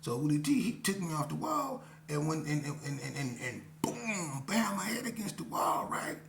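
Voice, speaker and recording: A man's voice: fairly high pitch, big pitch swings, moderate pace, vocal fry. A man telling a personal story in a casual, slangy way, often saying "you know what I'm saying". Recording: roomy echo, faint hum.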